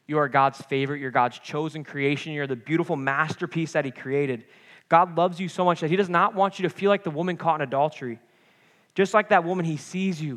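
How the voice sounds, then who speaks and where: Passionate preacher, echoing church hall. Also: male voice, a little high, a bit bright. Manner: passionate, rising and falling preaching with call-outs; casual, playful asides to the congregation. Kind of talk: sermon.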